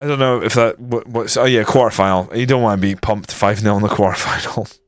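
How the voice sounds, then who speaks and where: A young man streams a football management game, grumbling, frustrated, and swearing often as he comments on his matches. His lowish voice is steady and a little fast, recorded dry with studio quality.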